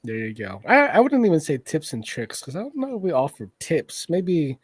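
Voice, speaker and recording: A man's voice: a little high, huge pitch swings, moderate pace, husky, no echo. A man co-hosting a casual podcast while drawing, teasing his friends and drifting into mumbled asides. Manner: joking, teasing, trails off into asides. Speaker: podcast co-host.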